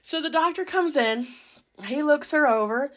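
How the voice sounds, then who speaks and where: A woman caregiver telling a story in a casual, lively and cheeky way, cussing freely. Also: high-pitched, normal speed.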